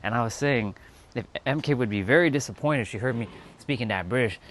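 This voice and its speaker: A man's voice: mid-range voice, fast, fairly bright tone, slight background noise. A man from North America, chatting casually with viewers on a livestream while making a hot drink. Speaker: livestream host.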